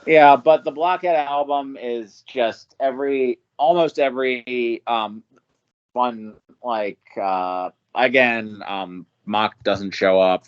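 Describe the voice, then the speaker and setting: A man's voice: lowish voice, smooth. Rambling podcast host man, lo-fi sound. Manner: rambling, enthusiastic, casually profane. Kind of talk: casual music podcast chat.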